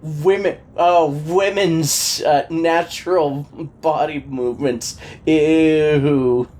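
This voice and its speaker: A woman at a tabletop game with a notably low voice and an unhurried delivery. She answers dryly and sarcastically, needling the other players with deadpan jabs. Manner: dry, sarcastic, teasing. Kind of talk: casual tabletop role-play banter.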